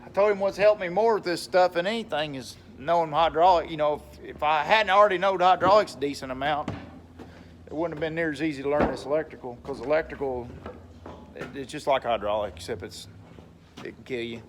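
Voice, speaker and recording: Folksy rambling man, slightly high voice. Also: a little fast, a little hiss or hum. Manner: rambling, folksy, chuckles often. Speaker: logger and mill worker vlogger. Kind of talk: casual chat vlog.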